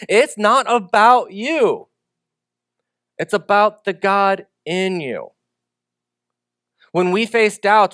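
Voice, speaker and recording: A man's voice: sits high, a bit bright, clear, resonant tone, no echo, studio quality. A male pastor preaching a sermon in a conversational way, with joking asides.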